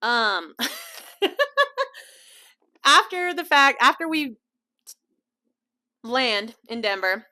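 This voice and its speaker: A young woman hosts her own podcast and tells funny trip stories in a loose, chatty way. Her voice sits a little high and sounds bright and forward, and she laughs easily while acting out what other people said. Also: lively intonation, extremely slow, pauses often. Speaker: podcast host. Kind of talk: casual storytelling chat.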